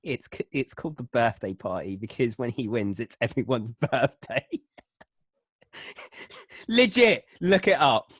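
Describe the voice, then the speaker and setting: A young podcast co-host in casual chat, animated and laughing a lot. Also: medium pitch, unhurried, husky, dry recording, studio quality.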